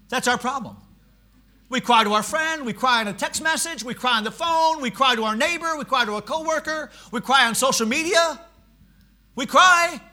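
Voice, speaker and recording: A male pastor preaching a sermon in church, swinging from shouted swells to hushed, quiet lines. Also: extremely high pitch.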